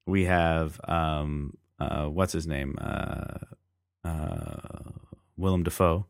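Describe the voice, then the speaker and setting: A man's voice: extremely low pitch, expressive, drawn-out words, creaky, no room sound, studio quality. A man co-hosting a casual film podcast, rambling and hesitant with frequent fillers. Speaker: podcast co-host.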